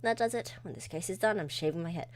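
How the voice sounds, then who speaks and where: A woman's voice: lowish voice, fast, slight background noise, voice pushed down, lightly acted. A woman voicing a nervous young male defense lawyer who stammers. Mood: flustered.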